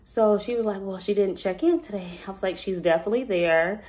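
A woman's voice: medium pitch, steady tone, brisk, warm tone. A woman telling a personal story as a mother, in a casual, emotional, rambling way with many fillers and restarts.

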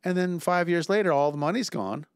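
A man's voice: high-pitched, brisk, clean tone, no room sound, studio quality. Wry storytelling male attorney. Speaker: attorney and podcast co-host. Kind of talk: casual podcast banter.

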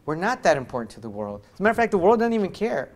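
Guy preaching in church, kinda high voice, earnest, keeps restarting and pushing his points. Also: sing-song, very fast. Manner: earnest, emphatic, with frequent restarts and swings in loudness. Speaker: lay preacher. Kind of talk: sermon with closing prayer. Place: church sanctuary.

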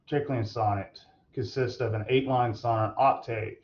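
Male tutor, mid-pitched, loose and halting delivery with fillers, dull lo-fi recording. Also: steady tone. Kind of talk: recorded online lecture.

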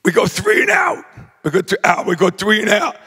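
An older man, giving a rowdy acceptance speech full of brash shouted jokes. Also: high voice, huge pitch swings, fairly quick, gravelly, breathy edge, big-room sound. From New Jersey. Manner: boisterous, shouting, brash joking. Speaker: hall of fame inductee.

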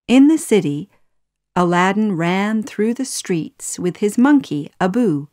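A woman narrating a children's storybook in a clear, measured way. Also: mid-range voice, expressive, darkish tone, no echo, studio quality. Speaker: audiobook narrator. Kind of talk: scripted storybook narration for learners.

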